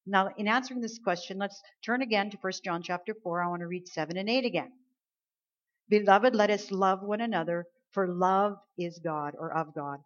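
A woman preaches a sermon, sinking into soft, low lines before climbing into loud, drawn-out emphasis. The audio sounds dull.

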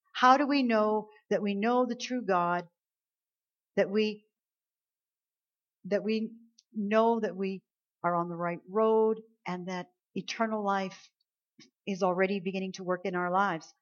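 Woman preacher with soft-to-loud sermon swings. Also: fairly even intonation, measured pace, long pauses, dull audio. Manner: swings between soft, low lines and loud, stretched emphasis.

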